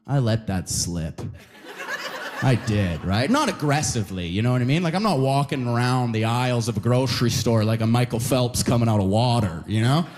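A man's voice: medium pitch, normal speed, a little mellow. A young man from Alberta doing a stand-up comedy set on a club stage, talking loosely with many quoted voices and constant "you know". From Alberta, Canada. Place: comedy club stage before a live crowd.

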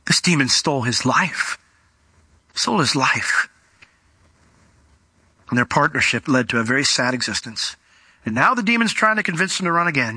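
A man preaching a sermon in an animated way, slowing down and speeding up as he tells a Bible story. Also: on the high side, slightly rough, no echo. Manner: animated, acts out quoted voices, varies pace.

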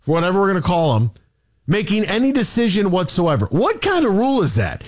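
A man hosting a sports radio show, ranting in an exasperated way with many rhetorical questions and repeated phrases. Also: high-pitched. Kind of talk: heated opinion rant.

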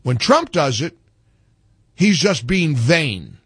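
This man hosts a political commentary show, delivering an opinionated monologue that's sarcastic and indignant, with animated emphasis. His voice sits on the high side, has a breathy edge, and moves slowly, with no room sound.

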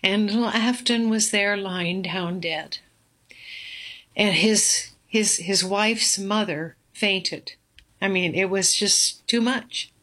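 An older woman, a grandmother, telling a personal story in a halting, emotional way as an interview guest. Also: medium pitch, bright, forceful tone.

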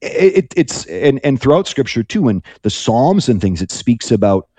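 A man's voice: mid-range voice, big pitch swings, normal speed, dark tone, breathy edge, dry recording. A man who is a priest, guest on a call-in radio show, speaking thoughtfully and rambling with restarts. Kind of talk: reflective radio talk.

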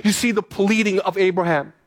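A man with a high voice preaches a sermon, reading scripture and then driving his points home with repeated phrases. He speaks to his congregation with steady emphasis. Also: a little fast. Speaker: pastor.

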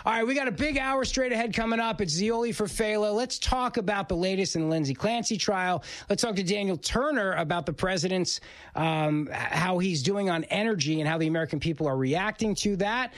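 A man's voice: high-pitched, a little fast, no room sound. A man hosting a talk radio show, joking and teasing his producer in casual banter.

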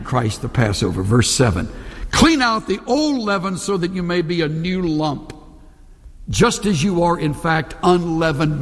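Male pastor, higher register, husky edge, earnest sermon delivery, reverberant sound. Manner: earnest preaching with emphatic quoted scripture.

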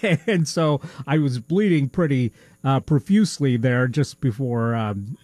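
A man's voice: medium pitch, lively intonation, measured pace, darkish tone, dry recording. Guy co-hosting a podcast, rambly, lots of ums, bit lispy, dry close mic. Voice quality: slight lisp from a missing tooth. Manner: rambling, hesitant with many fillers and laughs. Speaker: podcast co-host. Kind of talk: casual chat.

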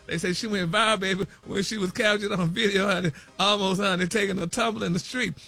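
Campy high-voiced man dishing celebrity gossip. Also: steady tone, fast talker, gravelly, sharp tone, soft background music. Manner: peppers every phrase with "honey" and "y'all", campy and chatty. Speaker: celebrity news host. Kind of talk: sassy celebrity gossip segment.

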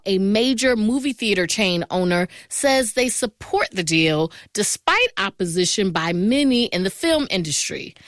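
A woman radio news host giving crisp, composed anchor introductions and questions in a studio. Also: mid-range voice, a bit bright, dry recording.

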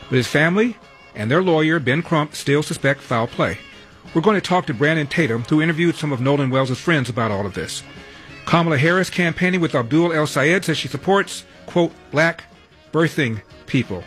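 Radio host guy reading headlines in a studio, sarcastic little jabs, soft music bed behind him. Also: fairly high pitch. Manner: wry, sarcastic asides between headlines. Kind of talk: talk radio news rundown and monologue.

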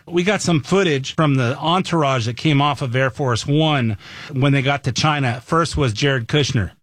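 A man's voice: medium pitch, moderate pace, no room sound. A man hosting a talk show, giving opinionated news commentary in a folksy, storytelling way. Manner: folksy, animated storyteller who voices quotes.

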